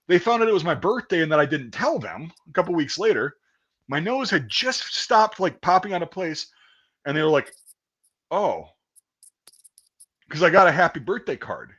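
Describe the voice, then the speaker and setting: Man, casual podcast storyteller, very expressive pitch, crude and animated. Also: highs cut off. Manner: animated, profane, acts out quotes loudly. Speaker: podcast host telling a story.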